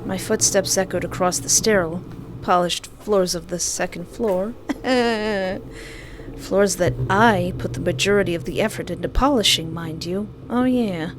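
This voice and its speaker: A young woman playing through a visual novel, reading the narration aloud and reacting with dramatic, playful asides and shrill screams. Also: unhurried, background noise. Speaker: let's play host.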